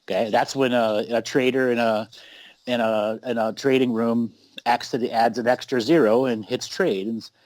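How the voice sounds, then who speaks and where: A man in a middle register hosts an unhurried conversation, leaning hard on his points and insisting on them. The sound is dry and close, with no room around it. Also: medium pitch, fairly even intonation, darkish tone, no echo, poor audio. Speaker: host. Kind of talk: casual conversation.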